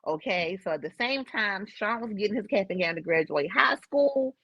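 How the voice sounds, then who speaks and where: A middle-aged woman, a podcast guest, telling a personal story in an emotional, animated way. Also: medium pitch, normal speed, no room sound. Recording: slightly dull dry recording.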